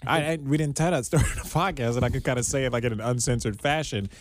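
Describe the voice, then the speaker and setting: A man's voice: mid-range voice, fast, no echo. A man co-hosting a podcast, telling a story in casual chat and laughing often. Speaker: podcast co-host.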